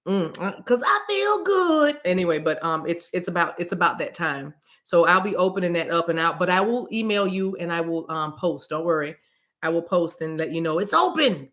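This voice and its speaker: A woman's voice: lowish voice, fairly bright tone. A middle-aged woman from the US East Coast, a spiritual reader chatting casually on a livestream, rambling playfully and greeting viewers by name.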